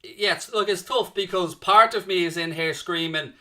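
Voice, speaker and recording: A man's voice: high voice, normal speed, bright, forceful tone. A man hosting a live football watchalong who chats casually and reads viewers' comments aloud.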